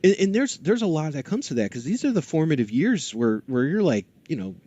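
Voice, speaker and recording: A man's voice: a little high, brisk. Talkative man with dull lo-fi sound. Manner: animated storytelling, slips into character voices. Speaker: podcast guest. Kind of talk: casual chat.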